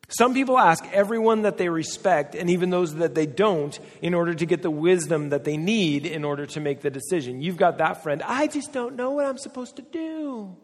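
A man preaching a sermon as a pastor, talking in a conversational, joking way and acting out the voices he quotes. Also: on the high side. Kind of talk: humorous sermon. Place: church hall. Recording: long reverb from a hall.

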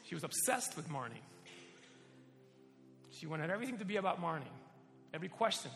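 Bright-voiced male preacher in echoey hall. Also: fairly high pitch, fairly quick, pauses often, soft background music. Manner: animated storyteller, laughs often. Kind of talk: sermon with personal stories.

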